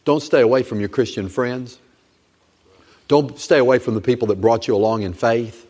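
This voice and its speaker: A middle-aged pastor preaching in an emphatic, repetitive way, pressing his points home again and again. His voice sits at a mid pitch and trails into a long reverb, as heard in a church sanctuary. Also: normal speed, darkish tone. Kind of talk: sermon.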